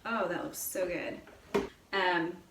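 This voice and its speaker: A woman hosts a relaxed home cooking video, chatting her viewers through every step. Her mid-range voice is picked up by a camera mic set back in an echoey home kitchen. Steady background noise runs under her voice. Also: lowish voice, takes it slowly, recorded from a distance. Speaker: cooking show host. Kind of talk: casual home cooking demonstration.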